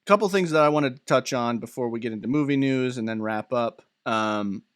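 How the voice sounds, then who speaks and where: A young man in his twenties co-hosting a podcast, telling rambling, animated stories with fillers and laughs. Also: mid-range voice, fairly quick, clean tone, dry recording, clean studio sound. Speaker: podcast co-host. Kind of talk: casual chat.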